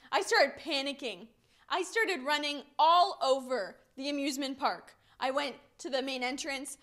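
A young woman giving a children's message, telling stories to kids in an animated, playful way. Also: high voice. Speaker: children's minister.

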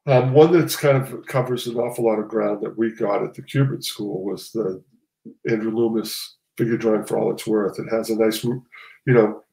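A man's voice: on the low side, darkish tone, roomy sound, rough recording. A man, a comic artist guest, talking casually and rambling, often restarting and correcting himself. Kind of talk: casual conversation.

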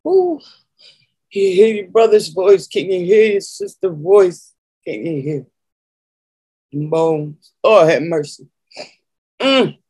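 A woman preacher giving an emotional spiritual testimony, moaning and sighing between phrases and pausing to collect herself. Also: lowish voice, mellow, slightly rough, low-quality recording.

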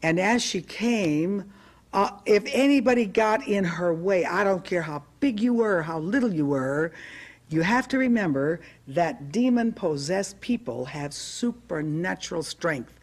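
A woman preacher recounts a story from the pulpit in an emphatic, storytelling way. She drops in humorous asides and rises into loud, forceful commands when she quotes herself. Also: fairly low pitch, expressive, unhurried. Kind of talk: preaching testimony.

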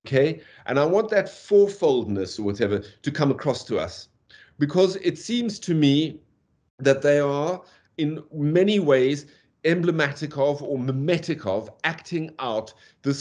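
A man giving a university lecture on poetry over a video call, reading verse aloud, tapping out meter, with frequent fillers. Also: a little high. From South Africa. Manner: animated, rhythmic scansion aloud.

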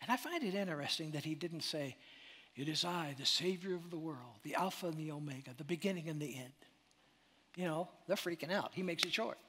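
A pastor preaches in a high, bright voice, moving briskly and swinging from loud exclamations to hushed near-whispers. The sermon is dramatic and animated, with a long hall reverb and slight background noise behind it.

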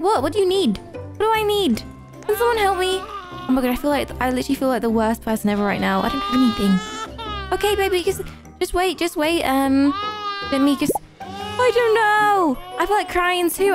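Young woman, high voice, flustered gaming commentary, music behind. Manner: flustered, rapid, swoops up high when panicking, mock-crying. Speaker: gaming YouTuber. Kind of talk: let's-play commentary. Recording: game music playing behind.

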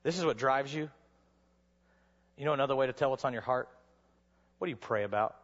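A man preaching a sermon to college students, telling stories dramatically and sometimes rising to a shout. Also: mid-range voice, fairly quick. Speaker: chapel speaker. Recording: dull sound with long hall reverb.

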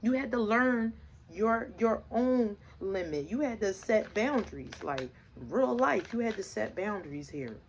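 A woman's voice: medium pitch, lively intonation, unhurried, a little hiss or hum. Emphatic, swearing woman tarot reader. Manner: emphatic, repeats herself, swears freely; preaching, asks rhetorical questions. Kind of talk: casual tarot reading to viewers.

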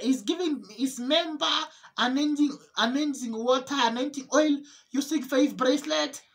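A woman giving an emotional religious testimony, earnest and repetitive, often halting to restate her words. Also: high voice. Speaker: testimony preacher.

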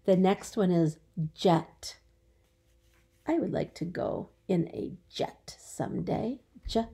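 Woman teacher, phonics lesson for kids, slow and patient, gravelly voice. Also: mid-range voice, lively intonation, warm tone. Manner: slow, drawn-out words, encouraging and patient. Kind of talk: remote phonics lesson for young children.

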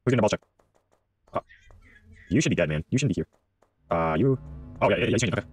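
A man's voice: lowish voice, lively intonation, fast, breathy edge. A man giving casual let's-play commentary, joking, swearing freely and chatting to the game characters. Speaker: gaming streamer.

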